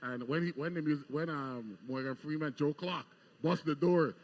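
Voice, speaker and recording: Chatty talk show host, slightly high voice. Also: male voice, normal speed, lo-fi sound. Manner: chatty, stumbling restarts. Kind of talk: live radio talk show hosting. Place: outdoor deck at a live broadcast.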